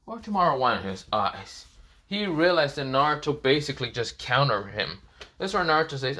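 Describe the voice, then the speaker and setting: A man's voice: mid-range voice, big pitch swings, fairly quick, sharp tone. Rambling man improvising a fan story. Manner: rambling, restarts with "this is where, well". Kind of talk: improvised fan-fiction narration.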